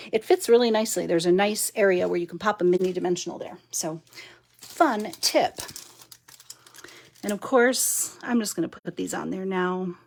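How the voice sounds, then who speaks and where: A chatty, giggly woman talking to her viewers while she works on a papercraft project during a live stream. She says she is overtired and punchy. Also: medium pitch. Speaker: papercraft demonstrator. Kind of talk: live-stream crafting chat.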